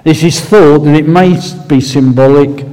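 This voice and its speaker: Preacher, male, Essex accent, mellow low-key sermon delivery, long hall reverb. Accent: Essex English. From Essex, England. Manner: unhurried, conversational, with fillers and asides. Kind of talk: sermon with prayer.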